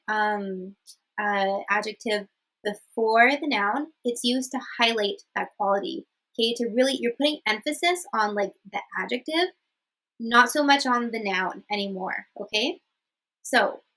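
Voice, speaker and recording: A woman's voice: a little high, bright, forceful tone, rough recording. A young woman teaching a casual online language lesson, chatty, with many fillers and frequent "okay?" checks. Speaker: Spanish teacher.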